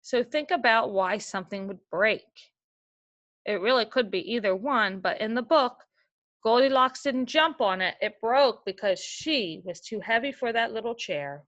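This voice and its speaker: A woman teacher gives a reading lesson, reading a story aloud slowly and stopping to explain it. She is patient and keeps asking the listener questions, in a voice pitched a little higher than most. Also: expressive, fairly bright tone, dull audio.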